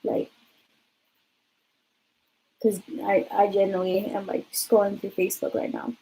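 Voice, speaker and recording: A woman's voice: medium pitch, flat delivery, measured pace, dark tone, slight background noise, rough recording. A young woman vlogger telling a casual, rambling story, swearing freely and saying "like" often. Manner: rambling, profane, lots of 'like'.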